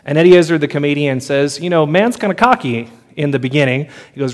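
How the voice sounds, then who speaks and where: A man's voice: fairly high pitch, expressive, brisk, few pauses. A man preaching a sermon to a congregation, earnest and building his points through repeated phrases. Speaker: pastor.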